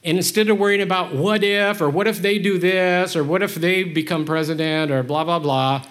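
A man preaching a conversational sermon, candid and self-deprecating, with his delivery swinging between quiet and animated. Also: high-pitched, moderate pace, slight background noise.

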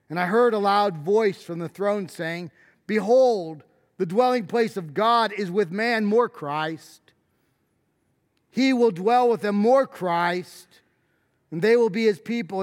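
A middle-aged male pastor delivering a sermon, his pitch sitting high and his pace slow and deliberate. He leans hard on key words, pushing them up toward a shout. The voice carries a long hall reverb. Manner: emphatic preaching, rising to shouted stresses.

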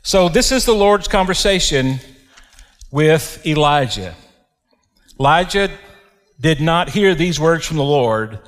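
A man preaching a sermon, reading scripture and explaining it with slow, emphatic delivery and dramatic pauses. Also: on the high side, big pitch swings, in a large hall.

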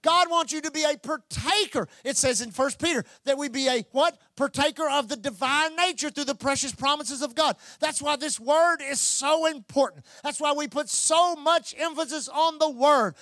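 A man preaching a sermon as pastor, building to loud, repeated calls to his church. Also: very high voice, normal speed, hardly any pauses, no echo. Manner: preaching with rising, shouted repetition.

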